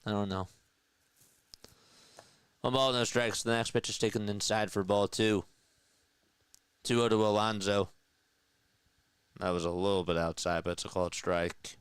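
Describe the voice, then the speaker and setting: A man's voice: fairly low pitch, fairly even intonation, a little slow, long pauses, clean tone, no room sound. A man calling baseball play-by-play on his own live stream, talking back to his chat, audibly frustrated. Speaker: play-by-play caller.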